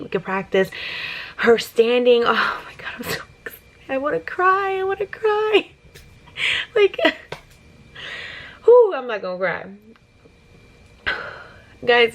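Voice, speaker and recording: A young woman from New Jersey, a mother vlogging to her viewers in a casual, emotional and excited way. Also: mid-range voice, gravelly, poor audio. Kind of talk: casual personal vlog.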